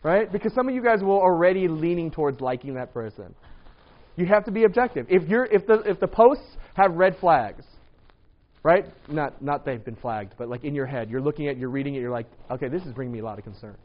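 A man preaching a casual, lively sermon to a congregation, often asking "right?" and acting out what people say. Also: fairly high pitch, brisk. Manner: lively, rhetorical, acts out quoted voices. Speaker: pastor. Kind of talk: sermon on dating and marriage. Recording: dull lo-fi recording.

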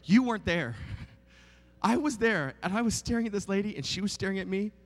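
High-pitched, expressive and a little fast, a man in his thirties gives a guest sermon built on humorous storytelling. He pokes fun at himself, keeps it chatty, and uses plenty of fillers, while the large church sanctuary gives the recording a long hall reverb.

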